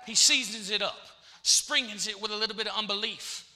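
A man's voice: sits high, fairly even intonation, brisk, pushed and bright. A man preaching a sermon in church, repeating phrases and calling out to the congregation.

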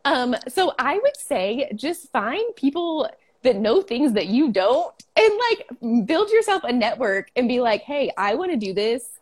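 A woman's voice: high-pitched, big pitch swings, unhurried, darkish tone. Young woman business owner, casual and giggly, interview guest. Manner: chatty, laughing, many "like" fillers. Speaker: food truck owner.

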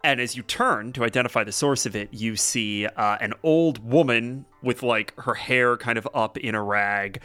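A man's voice: medium pitch, normal speed, hardly any pauses, sharp tone. A man narrating a tabletop role-playing game as game master, casual and improvising with lots of fillers.

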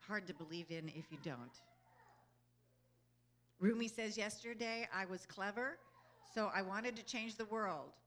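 Slight background noise accompanies a woman speaking at a measured pace with long pauses, her mid-range voice fairly bright. She is a spiritual speaker giving an inspirational talk to a group, earnest and conversational, often asking "you know?" and laughing easily between thoughts.

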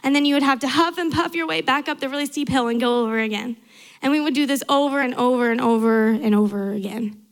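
Earnest high-voiced young woman preaching. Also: fairly even intonation, fast talker. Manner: earnest, emphatic repetition. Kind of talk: sermon.

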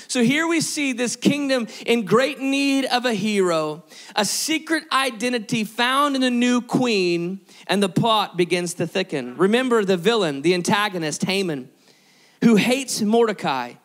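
Man, pastor, sermon, high voice, energetic, engages the congregation. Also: measured pace. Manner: energetic preaching, calls on the congregation to respond.

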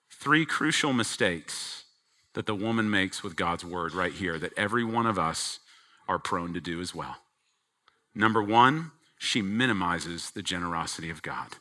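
A middle-aged man preaching a sermon as pastor to a congregation, swinging between loud emphatic peaks and quiet low asides.

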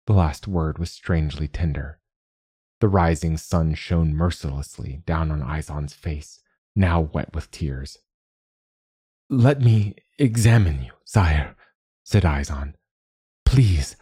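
A man reading an audiobook in measured, even narration. His voice is very deep and husky. The sound is close and dry. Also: dry recording. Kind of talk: scripted narration.

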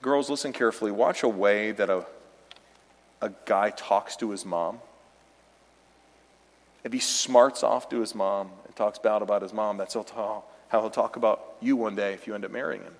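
A man's voice: fairly low pitch, normal speed, vocal fry. A male pastor preaching a sermon, speaking with emphatic, direct exhortation in a church sanctuary. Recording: long reverb of a large church hall.

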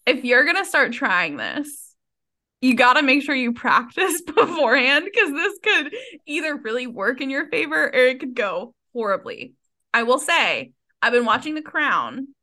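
Bright, lively woman podcast co-host. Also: high-pitched, moderate pace. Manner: animated, laughing, swears freely. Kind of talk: casual book-podcast chat.

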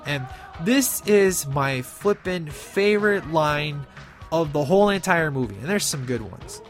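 A man's voice: fairly high pitch, moderate pace, soft background music. A man hosting a podcast, giving a casual, rambling retelling of a movie with lots of fillers. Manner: animated, acts out movie quotes in between. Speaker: podcast host.

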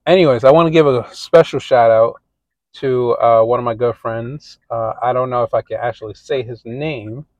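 A man's voice: mid-range voice, normal speed, darkish tone, dry recording, highs cut off. A man hosting a casual podcast monologue, telling a story in a rambling, profane way. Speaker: podcast host.

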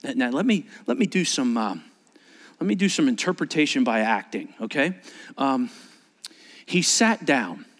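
A man preaching a sermon as pastor, animated and acting out scenes, often restarting his words. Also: mid-range voice, moderate pace, pauses often, in a large hall.

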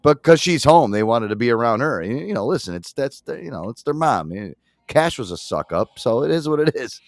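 A man co-hosting a show, telling a story loudly and swearing often. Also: medium pitch, very animated, a little fast, no echo, clean studio sound. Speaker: co-host. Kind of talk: casual profane chat.

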